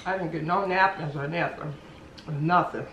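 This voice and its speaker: A woman's voice: deep voice, fairly even intonation, moderate pace, noisy background. Chatty woman eating on camera, echoey room. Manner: chatty, playful, mouth full, humming between bites. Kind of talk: casual mukbang chat.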